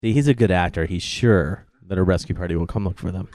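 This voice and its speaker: A man's voice: sits low, quick pace, darkish tone, no room sound, studio quality. A man co-hosting a film commentary, chatting wryly and packing in trivia. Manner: knowledgeable, wry, trivia-heavy. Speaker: podcast co-host.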